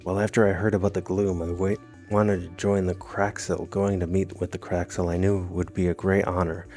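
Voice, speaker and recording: A man reading the lines of a nervous male stranger from a text adventure game, in a flat reading voice. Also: low voice, moderate pace, faint music behind, lightly acted. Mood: plain.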